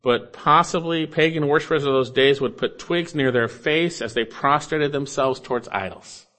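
A man preaching an expository sermon, reading scripture aloud and urging listeners earnestly, rising loud then dropping low. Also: moderate pace. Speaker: pastor.

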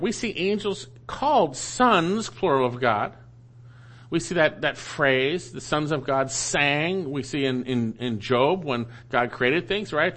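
A male preacher delivering a teaching sermon in a fairly high voice. His pitch swings widely as he leans on key phrases and repeats them for emphasis. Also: a bit bright. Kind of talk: sermon teaching through a Bible passage.

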